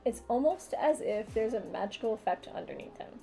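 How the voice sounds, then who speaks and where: A woman's voice: a little high, animated, a little fast, gravelly. Young woman GM, chatty and hesitant, light music behind. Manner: casual, hesitant, many fillers. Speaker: game master. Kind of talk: narrating a tabletop game.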